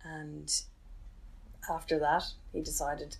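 A woman, recounting a painful chapter of her life in an interview with candid, halting restarts. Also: deep voice, flat delivery, creaky, darkish tone. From Ireland. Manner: candid, halting, emotional retelling with many restarts. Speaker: interview guest. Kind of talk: personal storytelling.

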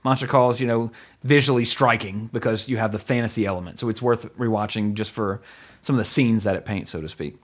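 A man's voice: on the low side, brisk. A man hosting a casual movie podcast, rambling with lots of fillers and laughing easily. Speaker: podcast host.

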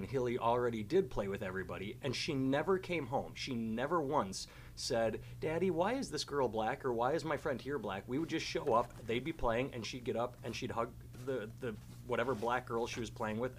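Relaxed man telling a story on a podcast. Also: mid-range voice, a little hiss or hum. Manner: relaxed storytelling, dry humor. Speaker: podcast co-host. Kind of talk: casual podcast chat.

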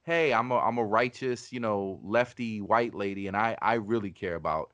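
A man's voice: lowish voice, moderate pace, fairly bright tone, no echo, natural voice. A man mocking a smug self-righteous liberal woman.

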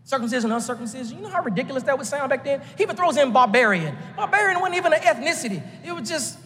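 A man from Texas, preaching a lively sermon from the pulpit with jokes and rising shouts. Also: extremely high pitch, fast talker, big-room sound. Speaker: pastor.

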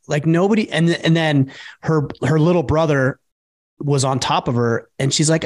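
A man's voice: on the high side, a little fast. A middle-aged man co-hosting a podcast, talking emphatically in casual chat and acting out others' words with energy. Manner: emphatic, animated when quoting others. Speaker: podcast co-host.

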